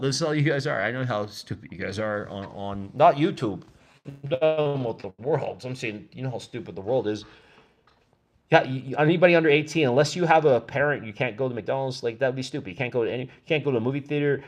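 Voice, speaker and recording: A man talking to his livestream audience in a rambling monologue, often restarting his sentences and sometimes getting worked up. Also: mid-range voice. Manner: agitated, repetitive, restarts often.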